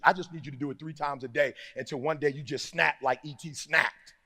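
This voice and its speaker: A man giving a live motivational speech to an audience, moving from low, close talk to shouted call-and-response, in a preacher-like manner. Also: fairly even intonation, fairly quick, hardly any pauses. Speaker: motivational speaker. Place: large hall before a live audience.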